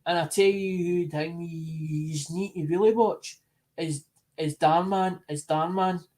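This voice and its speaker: A man with a voice pitched a touch high talks in a loose, unscripted way. He wanders from thought to thought and circles back over the same words. The delivery is casual and chatty, as if he were talking to regular viewers. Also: steady tone, a little mellow. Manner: rambling, repeats himself and restarts phrases; talks to supporters in an unhurried, chatty way. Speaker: coin collector vlogger. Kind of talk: casual rambling monologue.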